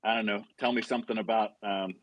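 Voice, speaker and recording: A man's voice: fairly low pitch, fairly even intonation, fast, dry recording, muffled recording. A male host in a casual live chat, easygoing, asking questions and laughing along with his guest.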